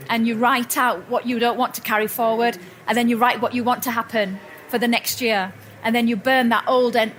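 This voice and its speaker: A high-voiced woman at a personal growth expo gives a motivational talk to a live audience in an event hall. She tells stories warmly and chattily, often restarting and correcting herself, with a little hiss or hum in the audio.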